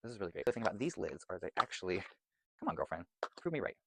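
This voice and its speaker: A chatty man talks quickly through his candle haul, rambling from one thought to the next and gushing over every scent. His voice sits a little low and never slows down for long. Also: big pitch swings, creaky, heavy background noise. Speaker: vlogger reviewing candles. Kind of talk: casual product chat.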